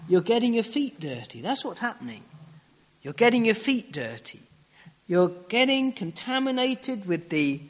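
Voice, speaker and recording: A man preaching a sermon with emphatic, repeated phrases and sharp rises and falls. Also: high-pitched, big-room sound.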